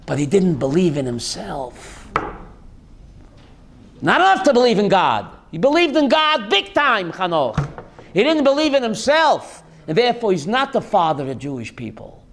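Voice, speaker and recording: A man, a rabbi, giving a lively Torah class, calling on listeners by name and slipping in Yiddish and Hebrew words. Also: high-pitched, normal speed, gravelly, slight background noise. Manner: lively, addresses listeners by name, jokey asides; mixes Yiddish and Hebrew terms. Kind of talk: animated Torah class to a live group.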